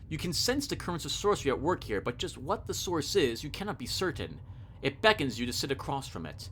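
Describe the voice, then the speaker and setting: Lively man reading game text aloud. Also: medium pitch, a little hiss or hum. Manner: reads narration aloud, breaks off for chatty asides and self-corrections. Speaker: let's player. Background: game music.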